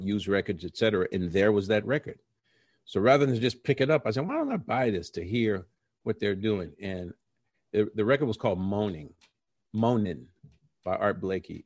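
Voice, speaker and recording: A middle-aged man, a jazz musician being interviewed, telling stories about his early career in a lively, conversational way and acting out the voices he quotes. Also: fairly low pitch, dry recording. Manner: animated storyteller who acts out quoted voices.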